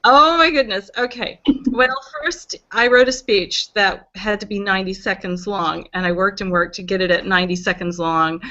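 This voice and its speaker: A woman's voice: medium pitch, normal speed, sharp tone. A woman entrepreneur answering on a panel, chatty and laughing easily. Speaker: entrepreneur, competition winner. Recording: muffled lo-fi recording.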